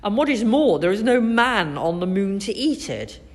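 A woman's voice: mid-range voice, sing-song, moderate pace, darkish tone, natural voice. A woman voicing a know-it-all male scientist who speaks in a matter-of-fact, lecturing way.

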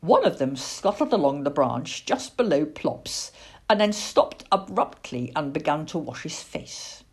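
A woman reading a children's storybook aloud, expressive, with little asides. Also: deep voice, measured pace, husky. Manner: expressive and warm-paced, with asides.

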